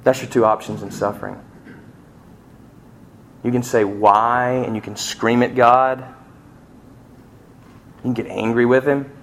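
A man preaching a sermon as a pastor, telling a personal story with passion and swinging between hushed and near-shouting delivery. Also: mid-range voice, steady tone, measured pace, creaky, long pauses.

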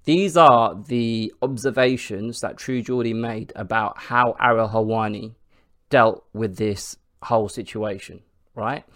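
A man's voice: on the low side, unhurried, fairly bright tone, no echo, studio quality. A man hosting his own podcast, chatting casually through the week's news with lots of ums and asides. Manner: chatty, restarts often with ums and rights. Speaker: podcast host.

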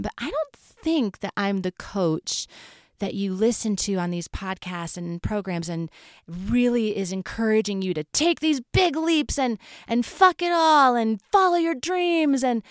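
A young woman hosts a solo podcast in a casual, chatty way. Her pitch is a little high and swings widely as she leans on words and repeats them for emphasis. The sound is close and dry, with no room echo. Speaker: podcast host, voice teacher coach.

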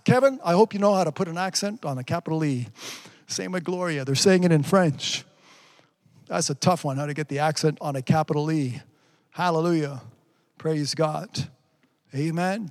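A man with a notably high voice leads a livestreamed sermon. He speaks fervently, reading out viewers' comments and breaking into exclamations of praise. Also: moderate pace. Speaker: pastor.

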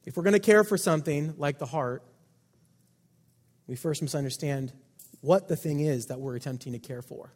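A man preaching a sermon as pastor, emphatic, with loud stresses and quiet asides. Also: on the high side, normal speed, pauses often. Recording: long hall reverb.

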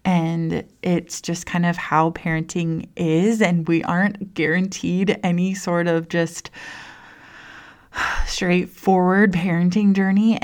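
Chatty young mom, smooth flat voice. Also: female voice, on the low side. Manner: chatty, says "like" constantly, restarts often. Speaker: mom sharing parenting stories. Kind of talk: casual personal talk to listeners.

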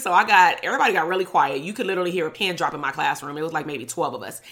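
A woman's voice: lowish voice, animated, very fast, few pauses, fairly bright tone. A young woman, a clinical psychologist, telling a personal story to her online audience in a casual, sarcastic way, swearing and laughing as she goes. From Compton, Los Angeles.

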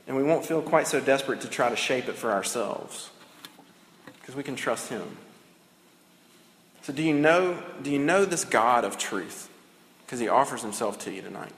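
A man's voice: mid-range voice, animated, moderate pace, pauses often, fairly bright tone, a little hiss or hum. A man preaching a sermon in a conversational way, acting out the dialogue of the story as he goes. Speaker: pastor. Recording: echoey hall, long reverb.

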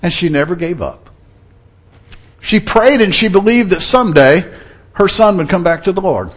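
A man's voice: high-pitched, expressive, moderate pace. A man preaching a sermon in an earnest, storytelling manner. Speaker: pastor.

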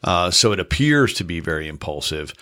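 Casting: deep-ish male podcast co-host, earnest explainer with a playful streak. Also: big pitch swings, fairly quick, pushed and bright. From American Midwest. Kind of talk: casual chat.

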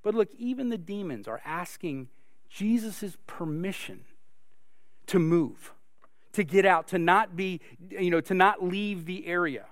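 Man preaching, earnest, rhetorical questions, fairly high voice, dry close sound. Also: lively intonation, unhurried, dry recording. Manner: earnest, asks rhetorical questions, many restarts. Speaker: pastor. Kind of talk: sermon.

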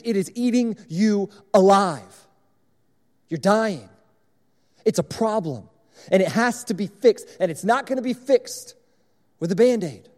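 A young man gives a sermon in a large hall, talking to the room in a relaxed, conversational way. His voice sits high but sounds mellow. A long reverb trails each phrase. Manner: conversational, illustrative, repetitive. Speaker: speaker at a church service.

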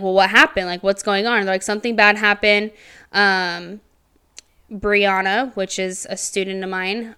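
A woman's voice: mid-range voice, sharp tone, clean tone. A young woman, a teacher hosting her own podcast, telling a painful personal story in a candid, rambling way with frequent swearing and fillers. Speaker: podcast host.

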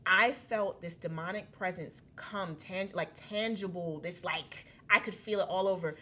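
A young adult woman telling her personal testimony as a guest in a casual, animated way, often laughing and acting out voices. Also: fairly low pitch, a little slow, a little hiss or hum. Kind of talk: casual storytelling.

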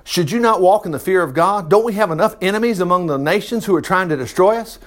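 A man preaching a sermon, reading scripture aloud and breaking in with folksy, animated asides and acted-out voices. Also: sits high, fast talker.

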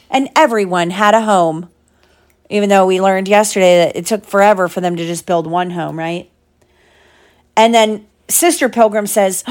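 A mother reading a picture book aloud to her young children, gentle and chatty, stopping to explain the pictures. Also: mid-range voice.

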